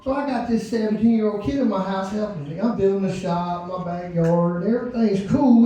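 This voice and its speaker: A man in his fifties tells loose, profane stand-up stories and laughs along with them. His voice is high for a man, with a dark, mellow tone. He is heard from far off the mic in a very echoey club. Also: a little fast, muffled recording. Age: 50s. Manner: loose, storytelling, profane, laughing at own jokes. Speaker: open-mic comedian. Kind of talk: stand-up comedy. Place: comedy club stage.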